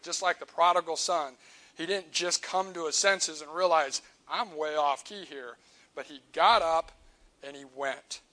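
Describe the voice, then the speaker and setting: Male preacher mid-sermon; bright, fairly high voice, earnest delivery that trails off soft at line ends. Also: low-quality recording. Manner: earnest, builds up then drops to a quiet close on key lines. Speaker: church preacher.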